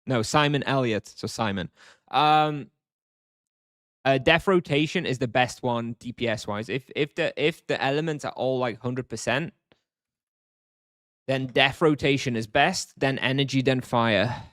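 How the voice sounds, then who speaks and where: Man, live game streamer, easygoing chat with viewers, mid-pitched voice, dry close sound. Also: unhurried, no room sound. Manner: relaxed, thinks aloud with fillers and restarts, chuckles often. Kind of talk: casual live-stream chat, answering chat questions.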